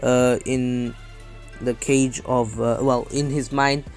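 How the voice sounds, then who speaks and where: A young man narrating a fan story off the cuff, halting and full of restarts. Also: medium pitch, little pitch movement, faint music behind. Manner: halting, many fillers and restarts.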